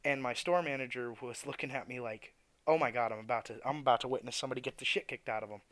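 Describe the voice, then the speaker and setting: A man's voice: mid-range voice, fairly even intonation, quick pace, fairly bright tone, no room sound. A young man ranting bluntly and profanely as a podcast host, venting about customers at his tire shop. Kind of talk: ranting monologue.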